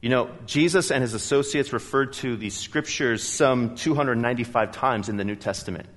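A man preaching a sermon in a church, telling stories in a lively, emphatic way. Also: medium pitch, normal speed, in a large hall. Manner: animated storytelling, emphatic. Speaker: pastor. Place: church sanctuary.

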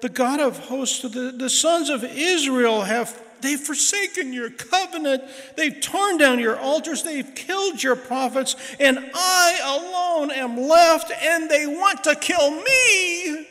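A man's voice: very high voice, slow, hardly any pauses, bright, forceful tone, big-room sound, pitched above the performer's own voice, heavily acted. A preacher doing a self-pitying prophet in the whiniest voice he can manage, near tears. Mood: whiny.

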